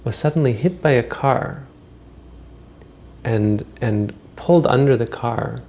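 A Buddhist teacher with a slow, dark, mid-range voice gives a dharma talk. He retells old stories in a rambling, conversational manner, with frequent restarts.

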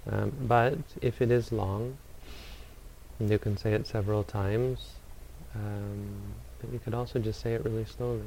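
Low, gravelly, calm meditation teacher man. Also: slight background noise, rough recording. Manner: calm, unhurried, gently advising. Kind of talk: answering audience questions.

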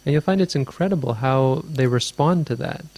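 A man's voice: mid-range voice, normal speed, creaky, darkish tone. A man teaching as a Buddhist teacher, answering a question in a dharma talk with meandering, thoughtful storytelling.

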